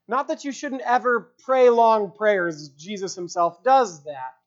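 A woman's voice: fairly high pitch, expressive, measured pace, few pauses, darkish tone, lo-fi sound. A woman preaching an expository sermon, stressing her points, asking rhetorical questions and repeating key phrases.

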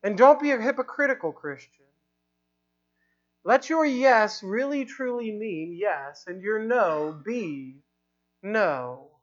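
A woman's voice: medium pitch, animated. Earnest woman preaching, dull lo-fi sound. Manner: emphatic, repeating lines for effect; ends in prayer with slow, drawn-out phrasing. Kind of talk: sermon. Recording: dull, lo-fi recording.

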